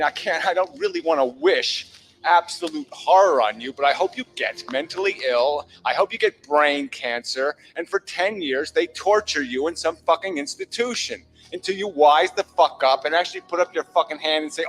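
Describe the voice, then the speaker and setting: A man's voice: fairly high pitch, fairly bright tone, low-quality recording. A man delivering a furious, heavily profane monologue, berating his listeners. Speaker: commentator. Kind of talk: angry monologue rant.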